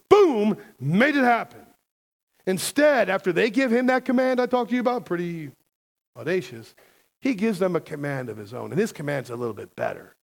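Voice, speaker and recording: A man's voice: high-pitched, creaky. A man preaching a sermon as a pastor, emphatic and conversational, often asking the congregation questions.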